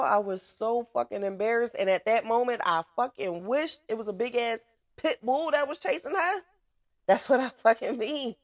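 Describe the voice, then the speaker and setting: A woman in her thirties, a podcast host telling a story in casual, profane, animated talk. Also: a little high, no echo, studio quality.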